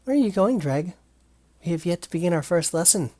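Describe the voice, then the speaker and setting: A man's voice: high voice, animated, brisk, very noisy. A man doing a sugary, menacing villain teacher. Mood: taunting. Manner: sing-song and menacing. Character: creepy cheerful woman dance teacher, villain. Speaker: let's play reader voicing game characters. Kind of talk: reading game dialogue aloud. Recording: loud game music behind.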